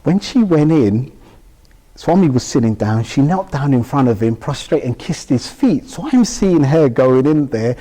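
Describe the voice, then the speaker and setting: Very dark-voiced Englishman telling his story. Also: mid-range voice, animated, measured pace, in a large hall. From United Kingdom. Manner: vivid retelling that acts out dialogue. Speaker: interview guest. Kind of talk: emotional personal storytelling.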